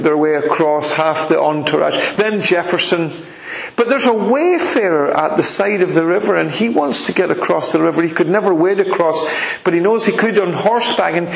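A man delivers a sermon in an emphatic, repetitive style, pressing his listeners with rising questions. His voice sits high and has a gravelly edge. The sound carries a noticeable echo from the room. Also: slight background noise. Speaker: preacher. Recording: echoey room.

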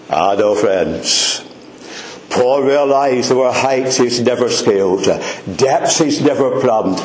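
A man preaching a sermon, addressing the congregation by name with fervent, repeated emphasis. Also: medium pitch. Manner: speaks directly to congregation members by name. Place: church hall before a congregation. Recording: roomy hall echo.

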